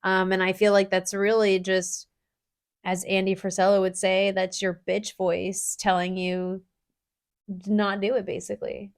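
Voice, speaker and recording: A woman's voice: mid-range voice, steady tone, unhurried. A woman co-hosts a casual podcast in a mid-range voice. She talks bluntly and animatedly, tossing in swear words as she pushes her point. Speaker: podcast co-host.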